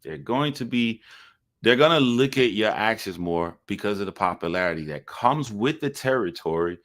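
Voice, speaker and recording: A man's voice: on the low side, animated, normal speed, a bit bright. A man giving casual reaction commentary to a video, talking in an earnest, rambling way with some swearing.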